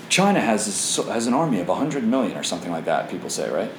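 A man preaching and teaching from the Bible, asking the audience questions, his voice swinging from low and grave to high and excited. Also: fast, hardly any pauses, roomy sound, background noise.

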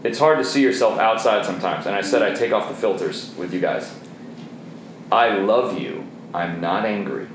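A middle-aged man leading a men's Bible study in an intense, zealous way, shifting between soft asides and forceful readings. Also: fairly low pitch, moderate pace. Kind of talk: teaching a Bible study to a group of men. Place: roomy room with a seated group. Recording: roomy echo, faint background noise.

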